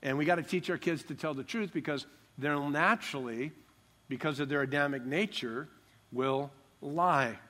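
A man's voice: on the high side, moderate pace, fairly bright tone. An older man preaching a sermon as pastor, emphatic and joking, stressing key words.

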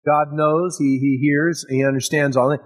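A man's voice: a little high, level tone, moderate pace, low-quality recording. A man preaching a sermon in an enthusiastic, conversational way, often restarting his phrases.

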